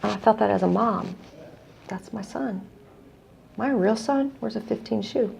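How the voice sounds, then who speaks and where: A middle-aged woman from the United States tells a heartfelt story as a guest, reflective and earnest. Her voice is deeply gravelly with a mellow, dark tone. Faint noise hums underneath. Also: fairly quick. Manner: earnest, reflective storyteller, quoting others in dialogue. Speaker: guest, non-profit executive director. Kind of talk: conversational storytelling.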